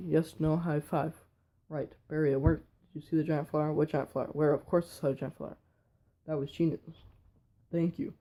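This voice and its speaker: A man reading a whole film script aloud in a quick, flat way with slips. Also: fairly high pitch. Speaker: reader.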